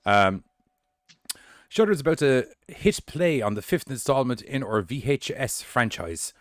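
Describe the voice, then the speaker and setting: A man's voice: medium pitch, expressive, measured pace, no room sound, studio quality. A man hosting a podcast, reading horror news headlines with rambling, sweary, jokey asides.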